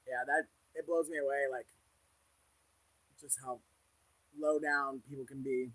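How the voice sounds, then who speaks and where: A man's voice: medium pitch, measured pace, long pauses, fairly bright tone, no echo, rough recording. A man hosting a casual livestream as a psychic reader, speaking candidly to viewers with frequent laughs and religious conviction.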